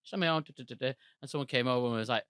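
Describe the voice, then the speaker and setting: Fast comedian guy, bright sharp voice, jokey chat, dry room. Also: mid-range voice, smooth, dry recording. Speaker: comedian, podcast co-host. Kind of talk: casual banter.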